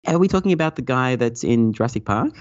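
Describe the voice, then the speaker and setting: A man's voice: medium pitch, lively intonation, fast, no room sound, dull audio. A man guesting on a casual podcast, rambling and swearing freely, laughing often. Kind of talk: casual chat.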